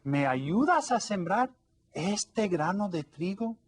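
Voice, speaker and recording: A man's voice: very animated, unhurried, full character voice. A man voicing a small, earnest, hard-working little red hen in a read-aloud storybook. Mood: pleading. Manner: high pleading storybook voice.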